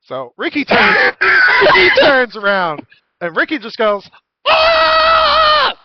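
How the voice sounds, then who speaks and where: High-voiced giggly man running a tabletop game. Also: measured pace, dull audio, very noisy. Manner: giggly, animated, swearing. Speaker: dungeon master.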